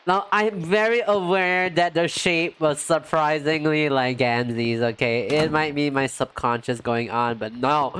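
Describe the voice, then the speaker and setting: Slow-talking excitable male streamer. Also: a little hiss or hum. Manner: chatty and excitable, lots of "yo" and "like"; jumps up in pitch when greeting chat. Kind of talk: casual let's-play commentary.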